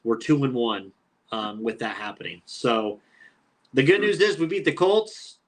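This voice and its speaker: A man's voice: mid-range voice, animated, measured pace. A man in his thirties co-hosting a sports podcast, talking trash about a rival team's fan in casual chat. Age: 30s. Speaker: podcast co-host.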